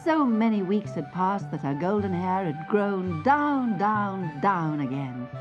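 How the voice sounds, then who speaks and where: A woman narrating a children's fairy tale in a slow, expressive sing-song, dropping at times to soft whispers, on a lo-fi tape. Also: medium pitch. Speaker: storyteller. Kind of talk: scripted children's story narration. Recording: lo-fi tape with faint music.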